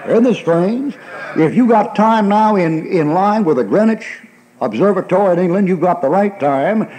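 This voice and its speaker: Folksy preacher man, fairly high voice. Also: mellow, low-quality recording. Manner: folksy and emphatic, acts out quoted people with laughs. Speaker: pastor. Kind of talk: sermon.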